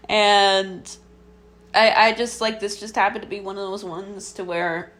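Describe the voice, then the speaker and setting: A man's voice: sits high, flat delivery, bright, forceful tone. A man talking casually on a podcast in a hesitant, stop-and-start way. He trips over his own sentences and often laughs through them. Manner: halting, restarts a lot, laughs through his words. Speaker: podcast co-host.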